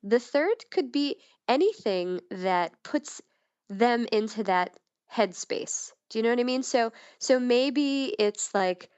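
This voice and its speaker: A woman's voice: a little high, expressive, takes it slowly, a little mellow, clear, resonant tone, dry recording, lo-fi sound. A woman guest in a casual podcast chat, talking candidly and playfully, with frequent laughs and restarts.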